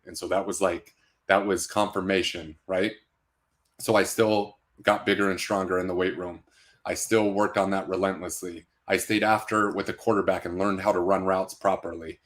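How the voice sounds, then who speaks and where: A middle-aged man, a guest on a podcast, telling the story of his sports career in a plain, steady way and often saying "man.". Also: deep voice, moderate pace. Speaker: podcast guest, former pro football player. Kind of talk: conversational storytelling.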